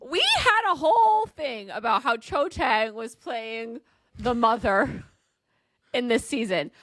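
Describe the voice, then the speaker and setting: Woman, podcast co-host, casual chat, giggly, animated, fairly high voice, swooping pitch. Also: slow, dry recording. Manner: animated, giggly, acts out scenes.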